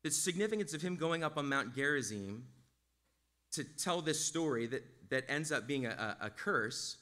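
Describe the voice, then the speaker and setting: A man's voice: medium pitch, bright, forceful tone. A male pastor preaching a sermon in a casual, conversational way, often checking in with his listeners. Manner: casual, conversational, with frequent "like" and "right?".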